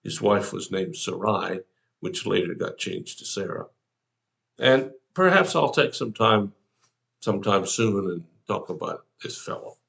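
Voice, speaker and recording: A man's voice: lowish voice, animated, a little slow, vocal fry, a bit bright. A man, an older pastor, giving a devotional sermon in a folksy, conversational way, talking straight to the listener.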